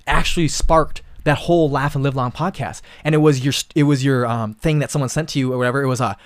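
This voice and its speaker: Fast-talking, rambling podcast host man. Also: medium pitch, steady tone, no room sound, studio quality. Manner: rambling, profane, earnest. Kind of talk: casual podcast chat.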